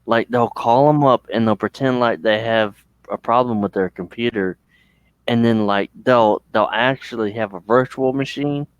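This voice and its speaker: A man's voice: mid-range voice, normal speed, smooth, no echo, lo-fi sound. A man from the United States chatting casually and rambling, swearing freely. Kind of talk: casual chat.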